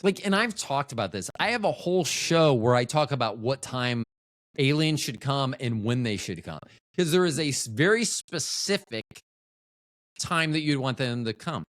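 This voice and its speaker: A man's voice: medium pitch, animated, normal speed, a bit bright, no room sound, clean studio sound. Rambling man hosting a podcast. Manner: rambling, self-interrupting, trails off mid-thought; profane, offhand humor. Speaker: podcast host. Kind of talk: casual solo podcast chat.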